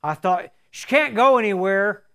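Brief: man, preacher, earnest testimony, fervent, high voice. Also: normal speed, creaky, a bit bright. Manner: earnest storytelling, rising to fervent emphasis. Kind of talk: sermon with personal testimony.

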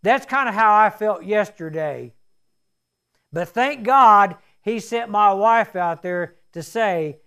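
A high-pitched middle-aged man delivers a homespun sermon. He drifts into folksy stories and plain-spoken asides between points of faith. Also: slow, sharp tone, smooth. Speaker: preacher.

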